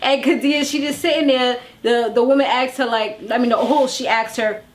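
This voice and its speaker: Chatty woman with a higher voice. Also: moderate pace. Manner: animated, slangy, chatty. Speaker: reality TV reviewer. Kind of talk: casual recap vlog.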